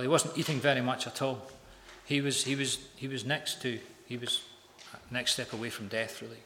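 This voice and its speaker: A man's voice: mid-range voice, sharp tone. A man telling a story as a sermon in a large hall, emphatic, repeating phrases for effect. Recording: echoey hall with long reverb.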